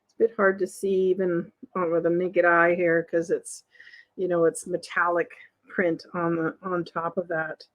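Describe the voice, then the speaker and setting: A woman's voice: lowish voice, little pitch movement, moderate pace, rough recording. A woman hosting a casual show-and-tell video of vintage paper collectibles. She chats to the camera, laughs often and keeps asking viewers questions. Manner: laughs often, light and upbeat. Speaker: vintage ephemera seller and channel host.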